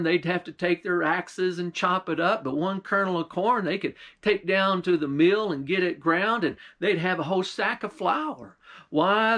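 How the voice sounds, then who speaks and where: Folksy pastor, rather high voice. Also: male voice, a bit bright. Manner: folksy drawl, often starting lines with "why". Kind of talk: folk tale storytelling.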